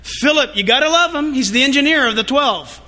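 A male pastor preaching a sermon in an animated, joking and confessional way. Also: extremely high pitch, fairly quick.

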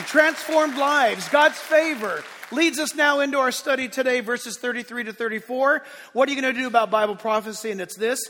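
A male pastor preaching a sermon to his church, emphatic, swinging between loud declarations and hushed asides. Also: very high voice, long reverb tail. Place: church sanctuary.

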